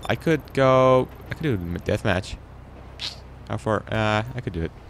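Low-voiced man rambling over gameplay. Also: moderate pace, creaky, slight background noise. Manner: rambling, joking, talks to himself. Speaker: gaming channel host. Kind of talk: let's play commentary.

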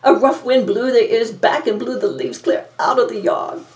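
A woman's voice: fairly high pitch, moderate pace, a little mellow, close to an everyday voice. A woman playing a vain, glamorous villainess reading a storybook aloud in a campy, theatrical way. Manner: campy, self-admiring, theatrical. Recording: roomy, from a distance.

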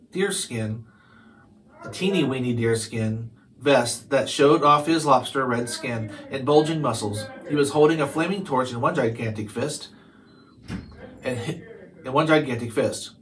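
A man reading a chapter book aloud for listeners, pausing for casual asides and fixing his stumbles. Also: medium pitch, slight background noise. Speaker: storybook reader.

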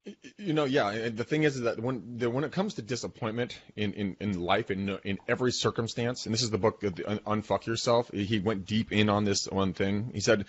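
Husky-voiced man in animated chat. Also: on the low side, fairly quick, muffled recording. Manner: animated, emphatic, swears casually. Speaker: podcast co-host. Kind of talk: casual business chat.

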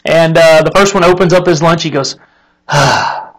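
A man hosting a casual faith talk, telling an illustration with lively acted-out characters and then drawing the lesson from it. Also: fairly high pitch, fairly quick, low-quality recording. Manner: animated storyteller, acts out the characters in the story. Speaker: host of a live Christian talk stream.

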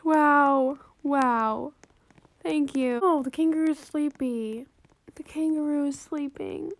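Bubbly high-voiced young woman vlogger. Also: slow pace. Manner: bubbly, chatty, pleading, self-mocking. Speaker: gaming vlogger. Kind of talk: casual gameplay commentary.

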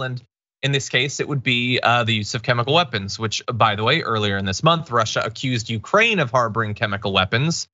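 A man's voice: medium pitch, lively intonation, moderate pace, bright, forceful tone, no room sound, lo-fi sound. A man hosting a political commentary show, talking through the news in a conversational, emphatic way with restarts.

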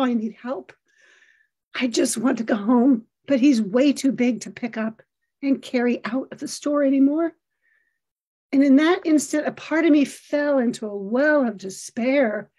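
A middle-aged woman giving an earnest, expressive storytelling talk, acting out the lines of the people in it. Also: high-pitched, unhurried.

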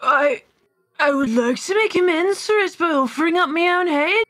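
A woman's voice: very high-pitched, lively intonation, moderate pace, a bit bright, pitched above the performer's own voice. A woman voicing a stern old male duke in a put-on mock British accent that drifts toward Scottish and Irish, haughty and stiffly formal. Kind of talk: live manga reading with voices.

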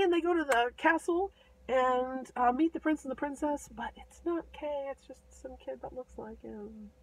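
A woman casually retelling a fairy tale with playful asides and quick voices for the characters. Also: sits high, low-quality recording. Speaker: storyteller.

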